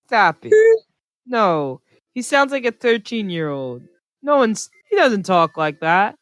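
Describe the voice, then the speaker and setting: Woman in her twenties, New Jersey accent, sarcastic, blunt, casual chat, dead-dry mic, medium pitch. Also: very animated, measured pace, fairly bright tone, dry recording. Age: 20s. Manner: blunt, sarcastic, laughing at herself. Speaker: podcast host. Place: online voice chat from home.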